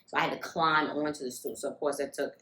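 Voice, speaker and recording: A woman's voice: deep voice, fast talker, roomy sound, low-quality recording. A woman co-hosting a podcast, telling a comic story in casual chat and acting out the people in it. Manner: animated, acts out the people in her stories. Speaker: podcast co-host.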